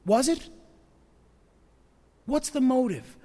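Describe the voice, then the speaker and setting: Animated high-voiced male pastor, church reverb. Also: takes it slowly. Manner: dramatic swings between loud emphasis and hushed asides; rhetorical questions to the congregation. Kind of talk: sermon.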